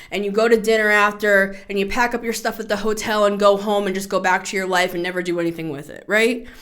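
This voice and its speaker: A woman in her thirties hosting a tarot podcast, talking in a casual, chatty way, animated, laughing and swearing freely. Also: mid-range voice. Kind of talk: casual spoken tarot reading.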